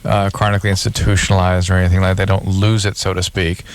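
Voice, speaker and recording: Low-voiced clinical male radio co-host. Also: little pitch movement, fast talker. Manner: clinical, probing questions. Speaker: physician co-host. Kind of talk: call-in radio advice.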